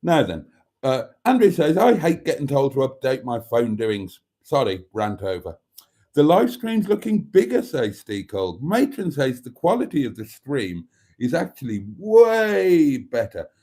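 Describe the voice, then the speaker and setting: A man's voice: medium pitch, sing-song, a little slow, mellow, husky. Theatrical man hosting a live stream. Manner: theatrical, self-mocking, calls viewers darlings. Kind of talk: casual live stream chat reading viewer comments. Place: at a table indoors. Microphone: phone camera.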